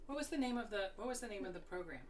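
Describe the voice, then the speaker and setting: Playful male podcast co-host, lively voice. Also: sits high, racing. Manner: playful, slips into silly accents. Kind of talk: casual chat.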